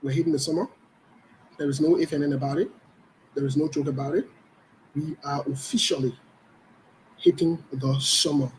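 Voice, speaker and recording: A man's voice: a little high, steady tone, normal speed, long pauses, slight background noise, poor audio. A man with a Liberian English accent hosting a live online show, greeting viewers by name in a loose, joking way. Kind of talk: casual livestream chat.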